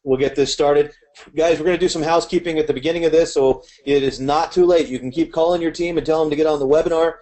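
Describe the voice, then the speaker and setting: A man's voice: a little high, steady tone, fast talker, a little mellow. Man urging his team on a webinar. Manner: direct, motivating, gives instructions to the audience. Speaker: webinar presenter. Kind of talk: live webinar housekeeping.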